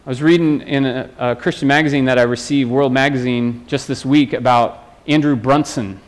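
A man's voice: mid-range voice, steady tone, moderate pace. A man, a pastor, preaching a sermon in an earnest way, often restarting and repeating phrases.

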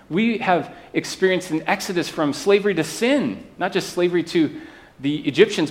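A man preaching a sermon to his church, talking conversationally and often checking in with the listeners. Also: a little high. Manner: conversational preaching with asides and tag questions. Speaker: pastor.

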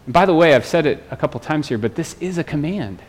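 A man's voice: on the high side, animated, quick pace. Earnest man preaching a sermon. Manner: earnest, repeats and restarts phrases. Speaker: pastor.

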